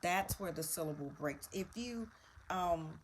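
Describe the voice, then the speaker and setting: A woman teacher leads a spelling lesson in a low, unhurried voice. She patiently spells words out letter by letter and explains each answer. A faint hiss sits behind her. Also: lively intonation.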